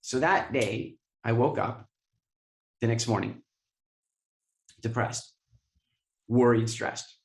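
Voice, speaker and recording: A man telling a self-mocking business story in an animated way, often repeating words. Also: medium pitch, slow pace, gravelly, long pauses, roomy sound. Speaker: guest, business owner. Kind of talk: storytelling interview.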